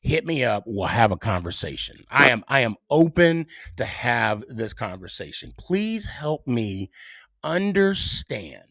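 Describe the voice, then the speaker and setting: A middle-aged man talks alone on his podcast, slow and unhurried, and his pitch climbs and falls a lot. He halts often on "uh" and "um" and restarts his phrases. The sound is dry and close. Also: big pitch swings, vocal fry, a bit bright, no echo. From United States. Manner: hesitant, many fillers and restarts. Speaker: podcast host. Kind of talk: solo podcast monologue.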